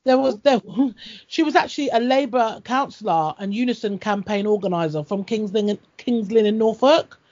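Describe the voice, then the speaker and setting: A woman's voice: mid-range voice, normal speed, darkish tone. A woman in a casual chat, blunt and sweary, telling stories with laughs. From Britain. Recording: dull lo-fi audio.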